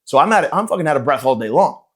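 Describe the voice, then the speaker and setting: A man's voice: a little high, lively intonation, racing. A man hosting a comedy podcast, delivering a rambling, sarcastic, profane rant. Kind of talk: ranting comedic monologue.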